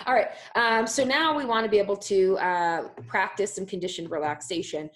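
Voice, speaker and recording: A woman's voice: mid-range voice, normal speed, rough recording. A woman dog trainer explaining a method in a live online class, talking loosely with many fillers.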